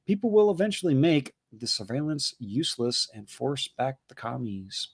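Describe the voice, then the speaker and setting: A casual man co-hosting a livestream, reading chat messages out with crude jokes. He tends to stumble and repeat words as he goes. His voice sits at a middle pitch and is recorded dry and close. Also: very animated, moderate pace, breathy edge, dry recording.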